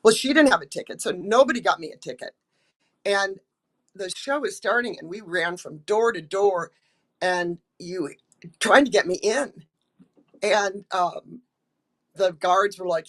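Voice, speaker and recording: An older American actress telling stories in a casual interview, chatty and full of ums and restarts, acting out quotes. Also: female voice, mid-range voice, unhurried, long pauses.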